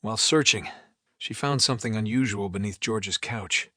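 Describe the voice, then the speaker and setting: A man narrating a fan fiction story with an expressive, lively reading. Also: lowish voice, moderate pace, dry recording, studio quality.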